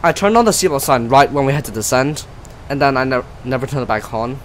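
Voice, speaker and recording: A man's voice: mid-range voice, expressive, quick pace, slight background noise, poor audio. A man casually commenting on his flight sim stream, chatty and self-mocking, often trailing off and restarting.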